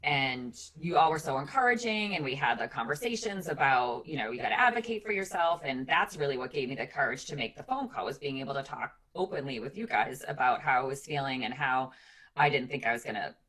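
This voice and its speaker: A woman in her forties talking candidly in a casual podcast chat, with lots of fillers. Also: fairly quick. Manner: candid, chatty, many fillers like "like" and "um"; animated mimicry of her kids in high voices. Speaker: podcast co-host.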